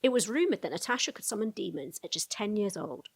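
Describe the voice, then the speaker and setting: A woman narrating a fantasy lore explainer video in a brisk storytelling tone, with casual asides to the viewer. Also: mid-range voice, big pitch swings, slightly rough.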